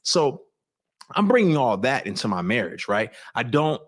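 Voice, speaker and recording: A man speaking as a guest on an interview show, with an ordinary middle pitch. He talks earnestly and confessionally, reflecting as he goes. He often restarts sentences mid-thought. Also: big pitch swings, moderate pace. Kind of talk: candid personal storytelling.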